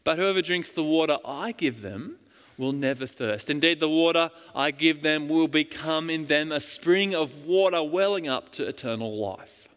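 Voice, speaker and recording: A man speaking as a calm, inviting teacher. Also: fairly high pitch, moderate pace, natural voice. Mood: earnest. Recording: long hall reverb.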